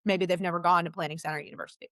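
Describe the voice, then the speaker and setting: A woman's voice: lowish voice, steady tone, very fast, a bit bright, dry recording. Chatty, enthusiastic woman host. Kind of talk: casual live interview.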